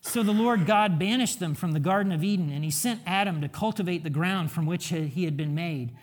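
A man's voice: high voice, a little fast. A middle-aged man, a pastor and father, preaching a conversational sermon full of rhetorical questions.

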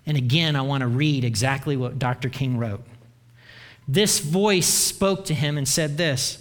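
A man preaching a sermon as pastor, earnest, often letting his voice sink low at the end of a key phrase. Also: a little slow. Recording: long reverb of a large hall.

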